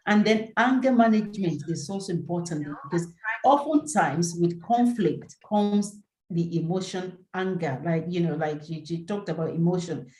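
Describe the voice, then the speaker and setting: A woman's voice: on the low side, normal speed, darkish tone, reverberant, rough recording. A woman presenting a relationship seminar in a live teaching talk, earnest and peppered with "you know".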